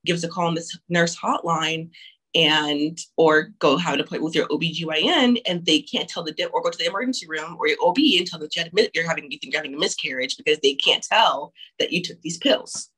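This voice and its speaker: Woman, young adult, husky, lowish voice, frank, candid personal storytelling. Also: fast, fairly bright tone, poor audio. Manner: frank, restarts often, curses casually. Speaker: mother sharing her abortion story.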